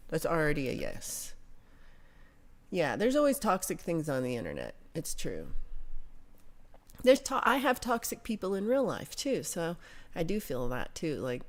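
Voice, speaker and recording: A woman's voice: fairly low pitch, very animated, moderate pace. An American woman hosting a livestream, chatting casually and reading viewer comments aloud in a rambling way, with casual swearing. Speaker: livestream host.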